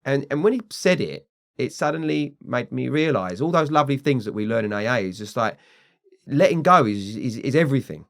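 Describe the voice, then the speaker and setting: A middle-aged British man talking candidly as a podcast guest, frank and animated, acting out the voices of people he quotes. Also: medium pitch, a little fast. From Britain.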